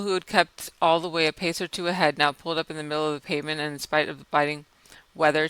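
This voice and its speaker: A man reading a classic novel aloud in a measured, dramatic narration style. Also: a little high, sharp tone, clear, resonant tone, no echo, rough recording. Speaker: audiobook reader. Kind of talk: scripted narration.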